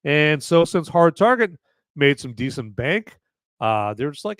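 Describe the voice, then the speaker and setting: A man's voice: a little high, sing-song, measured pace, fairly bright tone, no echo. A man hosting a live movie review podcast, rambling casually with many fillers and swearing. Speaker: podcast host.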